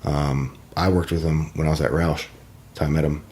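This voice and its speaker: A man's voice: a bass voice, little pitch movement, a little fast, darkish tone. A young man from Wisconsin, a podcast guest, chatting casually and laughing often. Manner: laid-back, laughs often. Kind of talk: casual chat.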